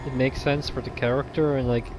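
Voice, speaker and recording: Guy rambling about game ideas, kinda monotone, humming noise and cars in the back. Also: medium pitch, brisk. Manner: rambling, thinking aloud with restarts. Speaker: video game fan vlogger. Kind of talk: casual chat, pitching game ideas.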